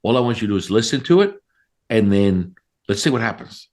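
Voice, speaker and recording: Rich: A middle-aged man with a fairly low voice tells a story in a relaxed interview. He is lively and swears freely, and he acts out the exchanges as he goes. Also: brisk. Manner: animated, profane, acts out dialogue. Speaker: guest, Taoist priest.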